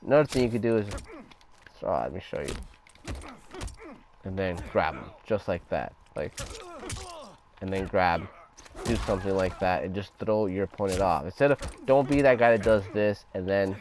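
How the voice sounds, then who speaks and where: Profane, casual gamer man, low voice. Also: normal speed, long pauses, a little mellow, slight background noise. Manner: profane, loose and conversational, talks over gameplay. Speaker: gaming guide creator. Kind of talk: casual gameplay tutorial commentary.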